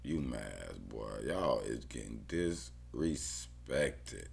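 A man's voice: a bass voice, sing-song, drawn-out words, creaky, darkish tone. A man thinking aloud about his football bets in casual slang, often muttering to himself. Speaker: sports bettor.

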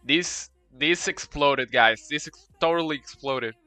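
A man streaming a game live, talking to his chat in an excitable way, repeating himself and gushing thanks. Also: fairly high pitch, unhurried, no echo, faint music behind. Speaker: Roblox streamer.

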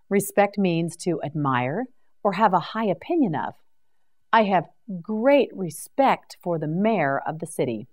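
Slow, patient woman teaching vocabulary. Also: fairly low pitch, darkish tone. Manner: patient, clearly enunciated, repeats each word. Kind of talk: slow scripted vocabulary drill.

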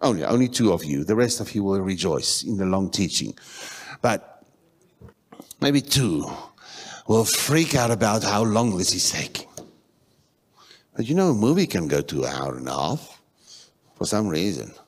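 Lively pastor preaching. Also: male voice, fairly low pitch, normal speed, pauses often, husky. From South Africa. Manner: conversational preaching, repeats phrases, rises to animated bursts. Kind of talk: sermon. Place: church.

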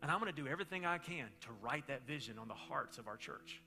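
A middle-aged man preaching a sermon as pastor, telling stories in a loose, conversational way and swinging between loud bursts and hushed moments. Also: on the high side, expressive, fast talker, faint music behind.

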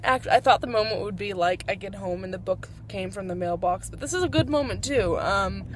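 A teenage girl vlogging about a new book, gushing and swinging between hushed whispers and excited squeals. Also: mid-range voice. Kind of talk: excited casual vlog. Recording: faint background noise.

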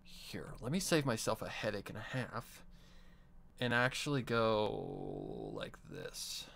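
A man's voice: lowish voice, wildly swooping pitch, takes it slowly, creaky, a bit bright. A man on a live stream, casually muttering to himself as he edits audio. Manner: muttering to himself while working.

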